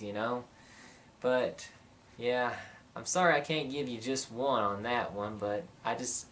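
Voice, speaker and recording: A man's voice: medium pitch, distant mic, a little hiss or hum. A man answering viewer questions in a casual vlog, rambling and chatty, with many fillers. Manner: rambling, chatty, lots of "you know" and "uh". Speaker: vlogger.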